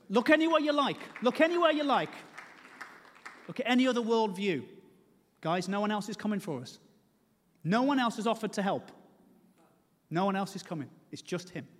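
A man's voice: very high-pitched, long reverb tail. A man preaching a sermon, telling a comic personal story and then pleading earnestly with his listeners.

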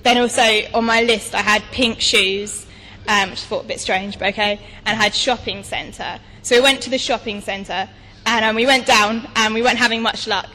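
A woman's voice: fairly high pitch, fairly even intonation, normal speed, sharp tone, in a large hall. A woman sharing a testimony story, hesitant with many fillers. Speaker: church member sharing a story.

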